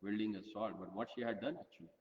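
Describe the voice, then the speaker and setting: Brief: male storyteller playing a mocking, arrogant young prince, low, dull hall-reverb sound. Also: fast, darkish tone, close to an everyday voice. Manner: mocking, dismissive.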